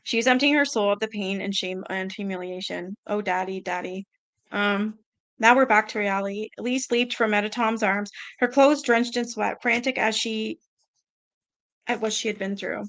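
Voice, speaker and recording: A woman reading a book aloud to her viewers, with casual reactions in between. Her voice is bright and forward at a middling pitch. She stumbles, breaks off and swears as she goes. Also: normal speed.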